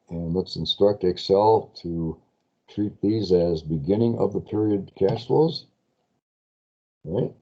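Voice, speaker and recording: Low-voiced man teaching finance. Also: warm tone, dull audio. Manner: chatty, self-correcting, asks class questions. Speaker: finance lecturer. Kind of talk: live spreadsheet lecture.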